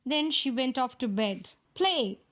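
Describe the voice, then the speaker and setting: A woman reading a fairy tale aloud for children in a steady storytelling manner. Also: high-pitched, measured pace.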